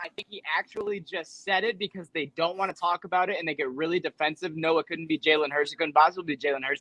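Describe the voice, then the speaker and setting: A man's voice: on the high side, fast, hardly any pauses, pushed and bright, slight background noise, rough recording. Fired-up ranting sports podcast guy. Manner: profane, ranting, sarcastic. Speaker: podcast co-host. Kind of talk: casual sports chat.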